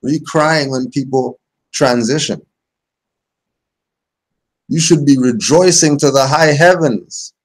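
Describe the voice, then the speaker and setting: A man's voice: mid-range voice, slow, long pauses. A man giving a casual religious teaching, reading passages aloud and then explaining them in everyday speech. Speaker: spiritual teacher.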